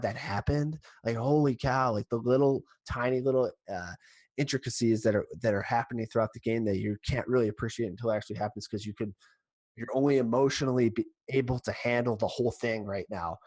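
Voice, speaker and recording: A man co-hosting a sports podcast, rambling and excitable, restarting his sentences as he recaps a game. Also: on the low side, no room sound. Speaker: podcast co-host. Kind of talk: casual sports chat.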